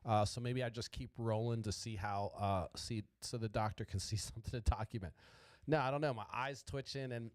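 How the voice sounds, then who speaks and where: A man's voice: lowish voice, steady tone, a little fast, dry recording. Stuttering, profane man ranting about politics. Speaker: podcast host.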